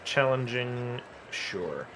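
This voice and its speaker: A man's voice: medium pitch, expressive, drawn-out words, noisy background. A man playing a tabletop game, wryly describing what his character does. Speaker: player. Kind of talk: casual tabletop game play.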